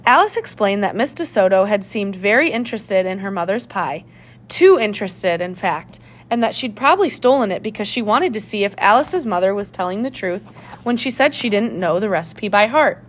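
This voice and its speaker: A woman narrating a children's mystery audiobook with clear, steady storytelling. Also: medium pitch, normal speed.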